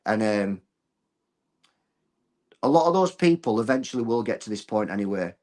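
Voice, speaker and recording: Blunt, earthy martial arts coach. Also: male voice, fairly low pitch, normal speed. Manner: animated storyteller, blunt and earthy. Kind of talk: casual podcast chat.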